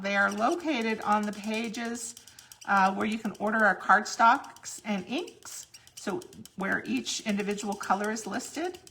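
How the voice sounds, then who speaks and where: Chatty woman with a gravelly, bright voice. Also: medium pitch, slight background noise. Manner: chatty, explains each step while working. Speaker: crafting demonstrator. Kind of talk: live crafting tutorial.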